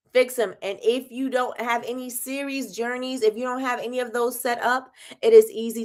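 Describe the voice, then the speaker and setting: A woman hosting a casual live advice chat for small business owners, lively and quick to laugh, speaking straight to her viewers with slang. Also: medium pitch. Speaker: host of a small-business livestream.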